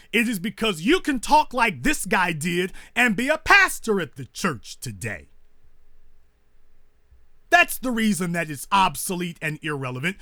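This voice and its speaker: A man's voice: high voice, sharp tone, no room sound, studio quality. A man hosting a commentary monologue, repeating his points with rhetorical emphasis like a preacher and sounding indignant and scornful. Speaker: host.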